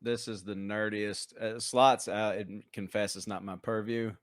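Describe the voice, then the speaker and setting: A man's voice: lowish voice, fairly even intonation, a little slow, dry recording, clean studio sound. A man speaking as a guest on a casual podcast who rants emphatically about gambling. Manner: emphatic, ranting. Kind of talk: casual chat.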